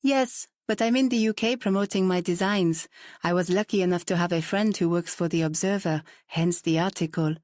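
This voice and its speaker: Woman voicing a soft, hesitant designer with a French-tinged accent. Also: fairly low pitch, normal speed, no echo, clean studio sound, close to an everyday voice. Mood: pleased.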